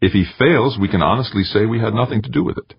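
A man reading the part of a calm, manipulative woman who coaxes her ally in an audiobook. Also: on the low side, fast talker, gravelly, husky, dry recording, pitched above the performer's own voice. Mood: coolly persuasive. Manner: cool and coaxing. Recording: dry, dull lo-fi audiobook recording.

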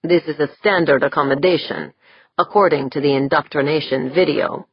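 A stern crewman who speaks gravely and dryly, as a woman narrator reads him. The voice is low and husky, recorded close and dry. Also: moderate pace, no room sound, dull audio.

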